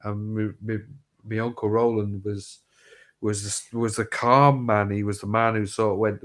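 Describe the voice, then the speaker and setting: A man's voice: on the low side, flat delivery, moderate pace. Rambling, swearing middle-aged Englishman. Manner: swears freely, rambling storytelling with restarts. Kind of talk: casual chat.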